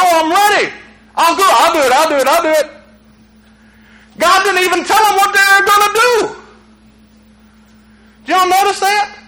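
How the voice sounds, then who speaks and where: Male pastor, high bright voice, chatty sermon delivery that builds to shouting. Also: low-quality recording. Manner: conversational preaching, rising to shouts.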